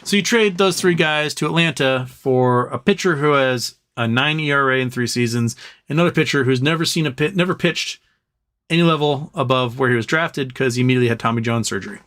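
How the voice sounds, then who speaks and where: A man's voice: mid-range voice, a little fast, fairly bright tone. A man hosting a casual livestream, thinking aloud and then ranting in an exasperated way. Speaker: livestream host.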